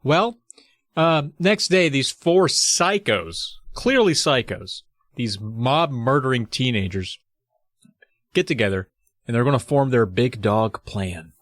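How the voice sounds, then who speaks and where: A mid-pitched man recaps a story for a comedy podcast, irreverent and profane. The sound is close and dry, with no room echo. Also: expressive, slow, fairly bright tone. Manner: irreverent, profane, laughing retelling. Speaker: podcast co-host. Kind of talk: casual comedic book recap.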